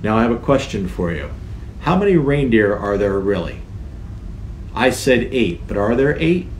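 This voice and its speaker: Jolly old Santa Claus. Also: male voice, lowish voice, very animated, moderate pace, a little hiss or hum. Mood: playful. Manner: hearty, gently quizzing the children. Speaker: storytime reader. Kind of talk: reading a picture book aloud to children. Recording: echoey room.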